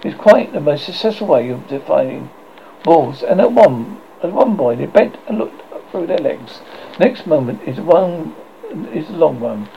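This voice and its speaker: A man narrating a children's storybook with a theatrical, animated delivery, his pitch rising and falling freely. The voice has a gravelly texture and sits a little high. The recording is slightly dull, with faint background hiss. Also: measured pace. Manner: expressive, theatrical reading. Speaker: audiobook reader.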